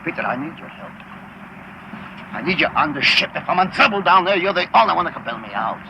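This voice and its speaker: An actor playing a grizzled old fisherman who hunts sharks, with an odd accent, switching between yelling and whispering, in film dialogue. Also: on the high side, expressive, quick pace. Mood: urgent. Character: grizzled old male shark-hunting fisherman, gruff and intense. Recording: dull lo-fi film audio with background noise.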